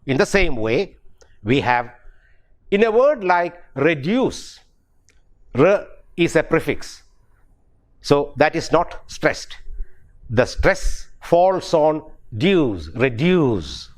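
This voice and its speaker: A man's voice: a little high, big pitch swings, takes it slowly, long pauses. A middle-aged man with an Indian English accent teaching pronunciation, spelling words out letter by letter and repeating key words. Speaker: university English professor. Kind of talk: pronunciation lecture.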